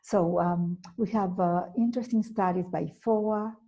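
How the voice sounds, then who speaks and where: A native Spanish-speaking woman with an Argentine accent presents a therapy lecture in a measured, careful way. Her voice is dark and husky with a gravelly edge. She pauses on fillers and corrects herself as she goes. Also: on the low side, steady tone, poor audio. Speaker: psychotherapist presenting at a conference.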